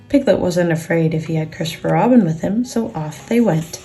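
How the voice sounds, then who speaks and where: A woman gently and expressively reading a children's book aloud, with soft guitar music behind. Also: on the low side, a little fast. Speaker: storyteller and sculptor.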